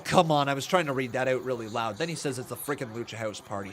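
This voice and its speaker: A man commentating live as a streamer, chatty and excitable, reading chat messages and breaking into loud chants. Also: mid-range voice, quick pace, few pauses. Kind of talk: live watch-along commentary.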